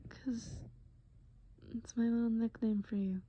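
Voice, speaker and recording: A woman voicing a young man gently soothing his dazed girlfriend in a whispered role-play, soft and affectionate, full of pet names. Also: a little high, flat delivery, unhurried, pitched above the performer's own voice. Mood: tender. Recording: dull lo-fi recording.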